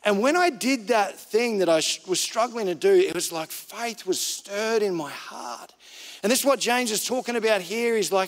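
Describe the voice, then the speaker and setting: A man's voice: high-pitched, normal speed, in a large hall. A man preaching a sermon as pastor, in a casual, conversational way that often repeats phrases.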